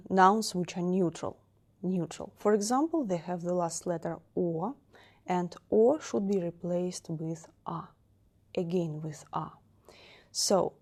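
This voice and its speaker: A woman's voice: on the low side, mellow. A woman teaching a grammar lesson, patiently repeating each example word. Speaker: Russian language teacher.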